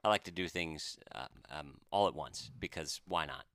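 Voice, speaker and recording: A man co-hosting a podcast, telling a story in a casual, animated and self-deprecating way. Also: rumbling low, normal speed, dry recording, studio quality. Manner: animated, self-deprecating, quotes others in raised voice. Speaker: podcast co-host.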